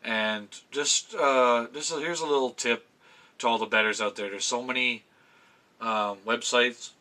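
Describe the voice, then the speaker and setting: Chatty man with a bright voice. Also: medium pitch, unhurried. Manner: chatty, self-interrupting, swears casually. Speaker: vlogger giving NFL picks. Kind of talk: casual rambling to camera. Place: home room with fan memorabilia.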